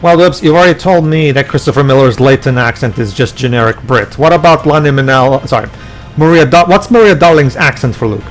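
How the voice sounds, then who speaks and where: A man's voice: mid-range voice, fairly quick, soft background music, rough recording. A man co-hosting a casual gaming chat, asking questions and steering the talk. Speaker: podcast co-host.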